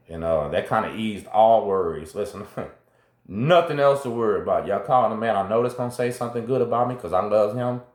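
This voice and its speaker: Laid-back man, low voice. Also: roomy sound. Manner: laid-back, slangy, talks straight to viewers. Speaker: host. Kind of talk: casual first-person storytelling.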